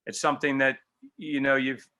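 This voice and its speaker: A man speaking as a baseball manager guest in an interview, reflective and halting, with many fillers. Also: mid-range voice, little pitch movement, pushed and bright. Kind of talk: casual interview.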